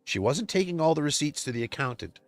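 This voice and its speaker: A man's voice: a little high, animated, quick pace, dry recording, soft background music. Upset man venting on a livestream. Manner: impassioned and venting, swinging between quiet and loud. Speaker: livestream host. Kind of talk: emotional personal monologue.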